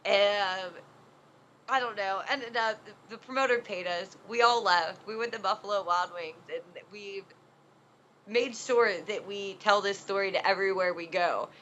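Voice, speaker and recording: A woman wrestler being interviewed, telling a story in a loose, animated way with plenty of "um" and "like" fillers. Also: medium pitch, normal speed, slight background noise. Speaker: wrestler guest. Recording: dull lo-fi recording.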